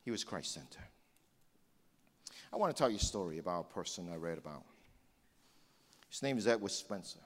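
A man preaching a sermon as a pastor, telling a story and swinging from passionate, emphatic peaks to hushed, intense lows. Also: animated, brisk, long pauses, long reverb tail.

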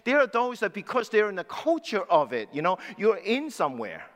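A man in his sixties preaching a sermon as pastor, swinging between loud emphatic lines and low, quiet asides. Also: wildly swooping pitch, moderate pace. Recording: long hall reverb.

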